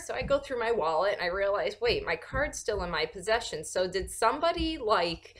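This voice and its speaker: A woman's voice: a little high, brisk, hardly any pauses. Sarcastic woman ranting to camera. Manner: animated, sarcastic, many fillers and restarts. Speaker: vlogger. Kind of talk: casual ranting monologue.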